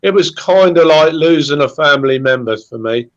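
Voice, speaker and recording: A man speaking as a guest fan in casual podcast chat, halting and repeating words as he talks from the heart. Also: on the high side, lively intonation, dull audio.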